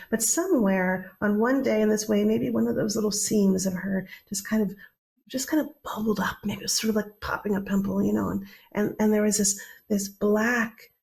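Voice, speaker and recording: A woman telling a myth in a relaxed, conversational way, with restarts and playful asides. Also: medium pitch, creaky. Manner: conversational, playful, with many restarts and animated quoted voices. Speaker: storyteller. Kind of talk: oral mythtelling.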